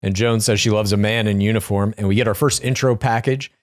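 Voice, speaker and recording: A man co-hosting a podcast, recapping a dating show in a casual chat with deadpan, teasing humor. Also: on the low side, brisk, no echo, clean studio sound. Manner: deadpan teasing, mock-spooky asides. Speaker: podcast co-host.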